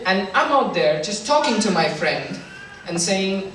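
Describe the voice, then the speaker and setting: A man from India, doing an animated stand-up comedy set before a live audience. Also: high voice, measured pace. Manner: animated, shifts into mock German voices for punchlines. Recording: echoey hall mic from far off, crowd laughter and hum.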